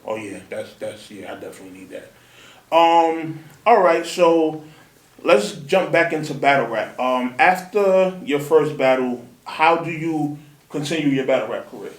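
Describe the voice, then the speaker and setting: A man hosting a podcast interview, laid-back and quick to answer with "okay". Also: a little high, lively intonation. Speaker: podcast host. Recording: echoey room, distant from mic.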